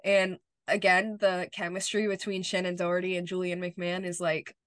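A woman's voice: fairly low pitch, monotone, normal speed, smooth, no room sound, studio quality. A woman co-hosting a podcast, recapping an episode in a casual chat as an enthusiastic fan, talking in loose run-on phrases. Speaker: podcast co-host.

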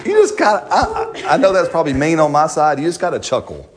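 A man's voice: a little high, wildly swooping pitch, fast, crowd noise. A man preaching a sermon as pastor, folksy and joking, with slang and playful asides to his congregation.

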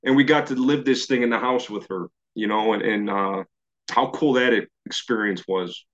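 A man's voice: fairly low pitch, moderate pace. Man telling his story on a dull video call. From New York. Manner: lively storyteller who acts out his own past thoughts and chuckles at himself. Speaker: recovery meeting speaker. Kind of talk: personal story shared at a recovery meeting.

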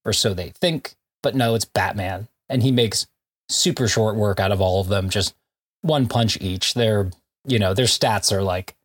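Man, podcast co-host, low husky voice, jokey, laughs often, casual comic recap chat. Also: a little slow.

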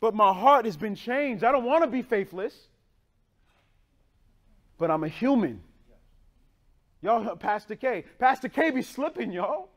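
A young male pastor preaching a sermon in a conversational way, with slang and quick swings between loud bursts and hushed lines. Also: sits high, lively intonation.

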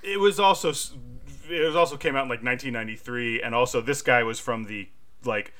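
A man's voice: mid-range voice, brisk, sharp tone. A man co-hosting a podcast, chatting casually and animatedly, with lots of filler likes and laughter. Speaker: podcast co-host. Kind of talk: casual chat.

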